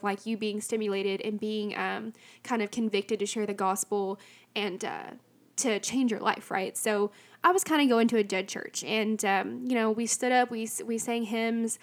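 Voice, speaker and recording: A young woman with a fairly high voice talks through her own story in a loose, conversational way. She is open and candid, often pausing on "um" and "like" and restarting her sentences. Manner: chatty and candid, many fillers and restarts. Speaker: speaker sharing a personal faith testimony. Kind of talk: casual personal storytelling.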